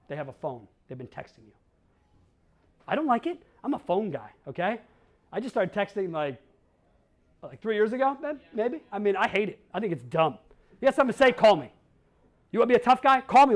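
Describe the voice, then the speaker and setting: A man in his forties from Chicago giving a talk to a crowd, brash and blunt, firing off rhetorical questions and slang. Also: sits high. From Chicago, USA. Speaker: conference speaker. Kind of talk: energetic storytelling talk.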